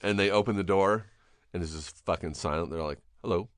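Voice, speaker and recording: A middle-aged man hosting a podcast, chatting casually and telling stories with animated impressions and plenty of swearing. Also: low voice, fairly quick. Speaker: podcast host. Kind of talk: casual chat.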